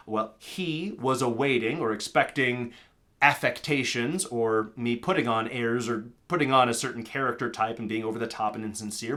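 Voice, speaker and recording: A man's voice: medium pitch, fairly bright tone. An American man from Minnesota giving a casual, rambling language lesson. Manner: chatty, rambling, with fillers and digressions. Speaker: language teacher.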